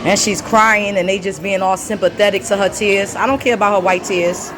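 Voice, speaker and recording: A woman's voice: medium pitch, steady tone, fairly quick, over music. A woman filming on her phone in a mall store, indignantly telling onlookers what happened to her. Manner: indignant, loud, talks to onlookers. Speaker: shopper filming a confrontation. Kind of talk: heated confrontation. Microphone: phone camera held by the speaker.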